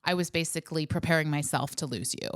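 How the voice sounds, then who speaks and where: A woman's voice: deep voice, fast talker, a bit bright, no room sound. Earnest woman co-host, dry close sound. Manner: earnest, recounting events step by step. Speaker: podcast co-host. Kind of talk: casual storytelling chat.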